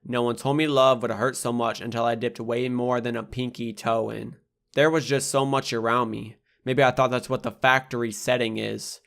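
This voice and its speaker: A man's voice: medium pitch, level tone, moderate pace, vocal fry, fairly bright tone. A young man reading his own spoken-word poetry aloud, in a rhythmic, rhyming delivery full of blunt swearing.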